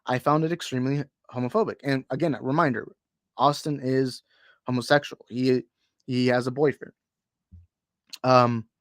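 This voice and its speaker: A man's voice: fairly high pitch, no room sound, studio quality. A young man co-hosting a podcast in casual chat, rambling and heated, full of restarts. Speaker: podcast co-host.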